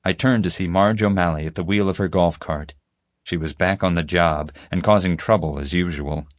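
A man narrates a story in the first person with a steady, even delivery. His voice sits on the low side. The recording is dry with no room around it. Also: normal speed, dry recording. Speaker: audiobook narrator. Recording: dry close studio sound.

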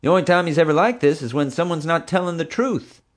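A man's voice: fairly high pitch, expressive, quick pace, pitched above the performer's own voice. A man doing a smug, teasing billionaire. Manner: smug, mocking.

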